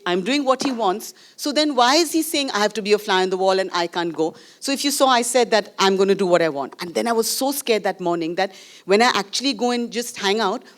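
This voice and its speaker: A middle-aged woman filmmaker with an Indian English accent, telling a candid, emotional story to an audience after a screening and slipping in Hindi phrases. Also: mid-range voice. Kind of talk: post-screening conversation with an audience. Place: screening venue before a live audience.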